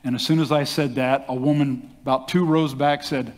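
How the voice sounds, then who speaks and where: An older man, a pastor, telling a story in a sermon with animated delivery and acted-out quotes. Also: medium pitch, moderate pace. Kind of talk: sermon testimony. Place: church hall. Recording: long hall reverb.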